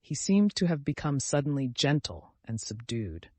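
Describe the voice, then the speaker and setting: Male narrator, classic novel reading, lively intonation, dry close mic. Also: mid-range voice, normal speed, no room sound. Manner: expressive, animated reading. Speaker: audiobook narrator. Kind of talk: scripted audiobook narration.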